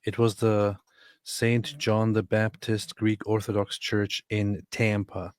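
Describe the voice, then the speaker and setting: A man's voice: on the low side, little pitch movement, takes it slowly, darkish tone, no room sound, clean studio sound. A man hosting a casual livestream, reading viewer messages and rambling with many fillers and restarts. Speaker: livestream host. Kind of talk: casual livestream chat reading super chats.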